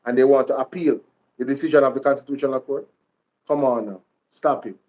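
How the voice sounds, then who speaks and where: A man's voice: mid-range voice, steady tone, brisk, lo-fi sound, heavy background noise. A man with a Jamaican accent hosting political commentary, repeating lines and speaking to his viewers like a preacher. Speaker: commentary vlog host.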